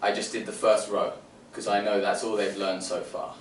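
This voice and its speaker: A man's voice: on the low side, flat delivery, moderate pace. A man presenting phonics teaching to other teachers, sounding out letters and explaining step by step. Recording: roomy, distant mic, faint room noise.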